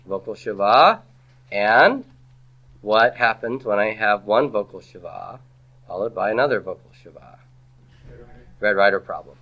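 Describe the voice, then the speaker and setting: A man's voice: on the low side, expressive, unhurried, pauses often, highs cut off. A man teaching a classroom grammar lecture, quizzing his students with rhetorical questions and dropping playful asides.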